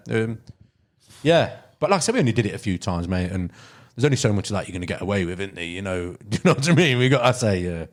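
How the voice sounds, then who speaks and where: A middle-aged man with an English Midlands accent, chatting casually as a podcast guest and telling rambling anecdotes full of ums and "you know". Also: fairly low pitch. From Derbyshire, England. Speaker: podcast guest, carp angler. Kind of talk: casual podcast chat, storytelling.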